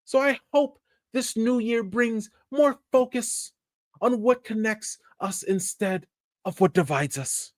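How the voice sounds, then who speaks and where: A prim young woman with an overdone, put-on British accent, as a man puts her on, her voice pitched far above his own. She reads her statement sweetly and carefully. The sound is close and dry. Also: expressive, slow, no echo, full character voice. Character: mocking high-voiced young woman celebrity.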